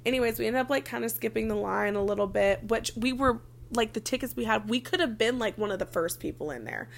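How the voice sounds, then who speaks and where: Young woman, chatty vlogger storytelling, light vocal fry. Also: a little high, fast. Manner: chatty, frequent "like" fillers, casual swearing. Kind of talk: casual storytelling.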